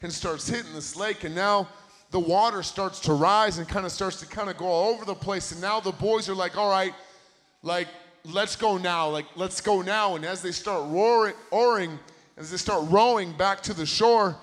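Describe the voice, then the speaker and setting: A man's voice: sits high, fairly bright tone. A man preaching a sermon into a handheld microphone, telling a story with building intensity and repeating key phrases. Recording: long hall reverb.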